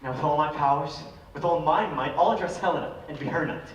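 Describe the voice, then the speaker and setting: An ardent young lover, acted by a man, declaims his lines in a somewhat high voice. He is heard from far across an echoing school auditorium. Faint room noise runs underneath. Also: fast talker, lo-fi sound, natural voice. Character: ardent young male lover, smooth-talking. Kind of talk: live stage play. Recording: echoey hall from far off.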